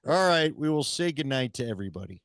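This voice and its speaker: A man's voice: medium pitch, lively intonation, fast talker, a bit bright, no room sound, studio quality. A man co-hosting a casual sports talk show, teasing his partner and telling jokey stories. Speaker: co-host. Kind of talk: casual chat.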